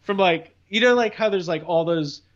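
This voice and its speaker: A man's voice: sits high, normal speed, muffled recording, slight background noise. A man chatting as a podcast guest, rambling and playful with lots of fillers. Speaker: podcast guest, cousin of host. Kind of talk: casual comedic chat.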